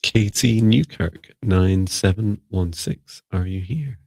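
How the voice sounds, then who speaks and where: A man co-hosting a live-stream psychic reading, giving gentle, rambling spiritual advice with many fillers. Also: low-pitched, slow pace, creaky, dry recording. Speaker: psychic mentor and co-host.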